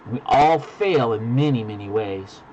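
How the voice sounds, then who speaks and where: A man preaching a sermon as pastor, dropping to hushed, deliberate lines and building to loud emphasis. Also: medium pitch, lively intonation, muffled recording, slight background noise. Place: virtual church service.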